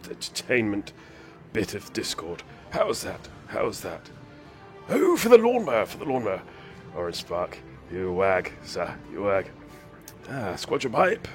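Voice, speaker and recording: A man talks his way through a game stream with whimsical, rambling asides, sounding a little ill but hyper. His voice sits low yet swings widely in pitch. Faint game music plays under him. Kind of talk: casual live-stream commentary.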